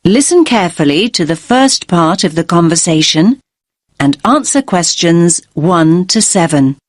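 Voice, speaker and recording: A woman gives listening test instructions in a calm, measured way. Her voice sits somewhat low, and the recording is close and dry. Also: no echo. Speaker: test narrator. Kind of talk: scripted exam instructions.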